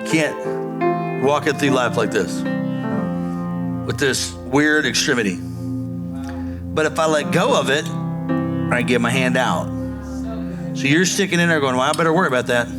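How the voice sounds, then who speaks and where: A man's voice: medium pitch, slow pace, pauses often, over loud music. A man preaching a sermon as pastor, acting out quoted voices and calling on the congregation to respond. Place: church sanctuary before a congregation.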